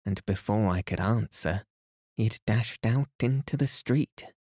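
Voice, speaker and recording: A man voicing a puzzled young woman in a bedtime storybook reading, lifting his voice higher. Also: unhurried, a little mellow, slightly rough, no room sound, clean studio sound.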